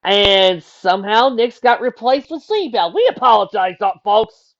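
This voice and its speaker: A man puts on a small pony filly from a storybook, squeaking high above his own voice. She is showy and a little shy. The recording is dull and lo-fi. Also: animated, moderate pace, fairly bright tone. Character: young female pony filly, theatrical and shy.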